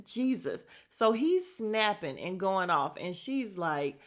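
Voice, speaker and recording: A woman's voice: mid-range voice, expressive, measured pace, few pauses, a bit bright. Blunt, cursing woman podcast host. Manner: blunt, opinionated, swears freely; chatty with frequent fillers and asides. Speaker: podcast host reviewing a reality dating show. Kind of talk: casual recap chat.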